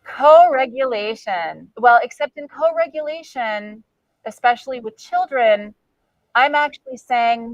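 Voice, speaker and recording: A woman's voice: on the high side, animated, moderate pace, rough recording. A woman giving a live training talk to a group in a room, conversational and often searching for words mid-sentence. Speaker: de-escalation trainer.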